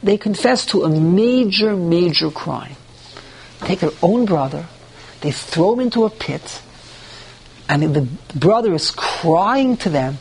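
Animated man teaching a Torah class. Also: high voice, a little slow, gravelly, slight background noise. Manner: reads Hebrew verses aloud, then translates and explains them; animated, with rhetorical questions and mock dialogue.

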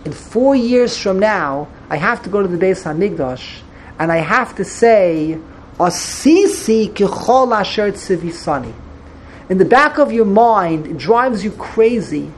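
A woman gives an animated Torah lecture, often stammering and starting over when excited and sprinkling in many Hebrew and Yiddish terms. Her voice is fairly low and a little slow, with a slight hiss or hum in the audio.

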